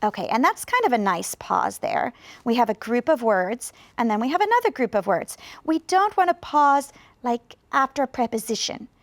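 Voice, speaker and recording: A woman teaching English pronunciation in a video lesson, speaking slowly and clearly with deliberate pauses to demonstrate. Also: fairly high pitch, big pitch swings, no echo.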